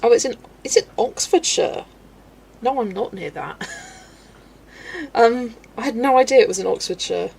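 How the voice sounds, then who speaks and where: A woman's voice: on the high side, lively intonation, moderate pace, gravelly, pauses often, a little mellow, slightly rough. A woman from Southwest England with a Wiltshire accent, chatting casually and self-deprecatingly on a colouring live stream. She laughs often as she answers questions from chat.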